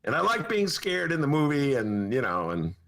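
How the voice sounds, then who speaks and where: A man's voice: fairly high pitch, huge pitch swings, moderate pace, gravelly, fairly bright tone. A man in his sixties hosting a podcast, chatting casually in a rambling, opinionated way. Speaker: podcast host. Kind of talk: casual chat.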